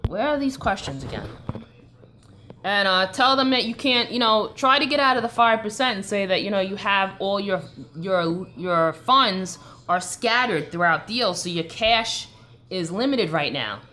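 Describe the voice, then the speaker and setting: A woman's voice: medium pitch, lively intonation, unhurried, pushed and bright. A woman with a Long Island New York accent, hosting a casual live stream and answering viewer questions in a chatty, coaching way.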